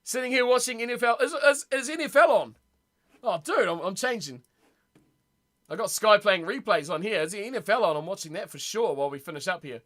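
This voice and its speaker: A young man hosting a casual live-stream rugby watch party from home, chatty and excitable, reacting aloud to his chat. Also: sits high, fairly quick. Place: home room.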